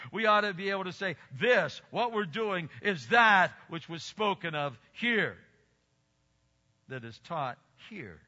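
An older man preaching a sermon as pastor, emphatic, swinging between loud exclamations and quiet asides. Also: a little high. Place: church sanctuary. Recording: dull recording with long hall reverb.

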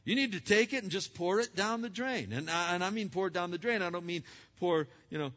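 A male preacher delivering an emphatic sermon, swinging from loud exhortation to hushed asides. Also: high voice, expressive, fairly quick. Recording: dull sound with long hall reverb.

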